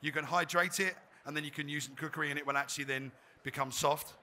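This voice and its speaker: A man's voice: fairly high pitch, fairly even intonation, fast, pushed and bright. A man, a chef giving a live cooking demonstration, chatty and self-deprecating. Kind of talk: live cooking demo talk. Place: trade fair demo stage.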